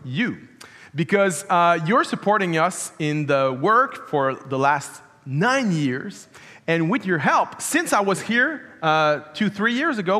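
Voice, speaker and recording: A man with a Quebec French accent preaches to a congregation, his voice bright and forceful and a little higher than most men's. He jokes easily and calls the room to clap. His words carry a long reverb through a church hall. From Quebec, Canada. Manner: playful, rallies the congregation. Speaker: guest pastor. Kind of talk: sermon. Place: church sanctuary.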